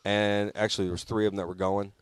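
A man's voice: lowish voice, level tone, fast talker, clean tone. A man hosting a radio show, chatting casually in a rambling, self-mocking way with frequent swearing and laughter. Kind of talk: casual chat.

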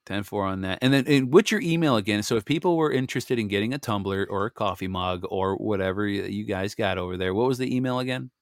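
Podcast host, man, young adult, low voice, dry close sound, animated and chatty. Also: fast talker, hardly any pauses, dry recording. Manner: animated storyteller, laughs often, acts out dialogue. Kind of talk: casual chat.

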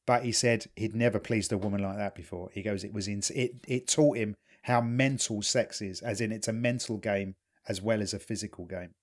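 A man's voice: on the low side, fairly even intonation, normal speed, few pauses. A man co-hosting a podcast, telling rambling anecdotes in casual chat, laughing and restarting as he goes. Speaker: podcast co-host.

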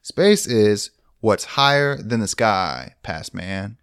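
A man playing a goofy time traveler from the future, talking slowly and dopily. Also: fairly low pitch, expressive, fairly bright tone, smooth, no room sound, studio quality, heavily acted. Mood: dopey. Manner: slow, drawn-out, dopey delivery.

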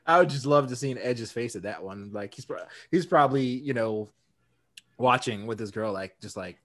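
A man's voice: mid-range voice, expressive, moderate pace, a bit bright. A man co-hosting a podcast in a casual chat, talkative and often laughing. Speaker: podcast co-host.

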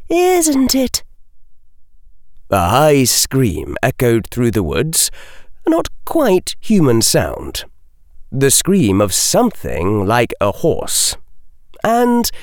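Brief: male audiobook narrator, unhurried, lively dramatic reading, dry close mic. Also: medium pitch, no room sound. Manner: expressive, dramatic storytelling.

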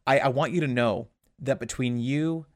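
A man hosting a casual interview, excitable and rambling as he talks fast. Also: medium pitch, no echo. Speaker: podcast host.

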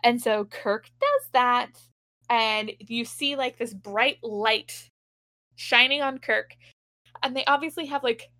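A woman's voice: fairly high pitch, pushed and bright, no echo. A young woman chatting casually on a podcast, recapping an episode with lots of "like" and acted-out quotes. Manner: chatty, lots of "like", quick laughs, acts out quotes. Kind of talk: casual chat.

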